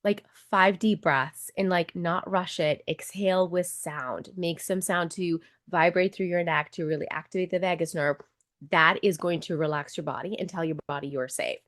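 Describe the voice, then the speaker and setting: A woman in her twenties or thirties, a coach and nurse being interviewed on a podcast. She talks in an animated, casual way, acts out people's inner voices and swears freely. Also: lowish voice, moderate pace.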